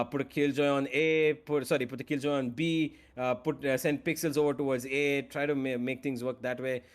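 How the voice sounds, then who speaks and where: A man casting a live esports match, excitable and rising to shouts on big plays. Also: mid-range voice. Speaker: esports caster. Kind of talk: live play-by-play commentary.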